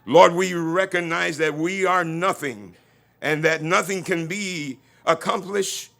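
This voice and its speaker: A man's voice: fairly high pitch, slow pace, gravelly. A man giving an invocation at an outdoor event, praying fervently and leading the crowd in call-and-response lines. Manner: fervent, rising to near-shouts, leads crowd responses.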